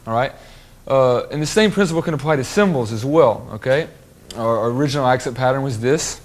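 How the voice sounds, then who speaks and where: Relaxed male drum instructor explaining. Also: medium pitch, fairly quick. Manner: relaxed, explanatory, with frequent fillers.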